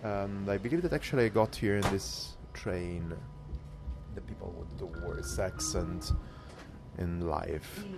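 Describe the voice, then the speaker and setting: A man's voice: deep voice, measured pace, creaky, over music. A man talking casually to his camera while travelling by train and arriving at stations, rambling and talking to himself. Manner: rambling, self-talk. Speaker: cycling vlogger. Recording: noisy train ambience.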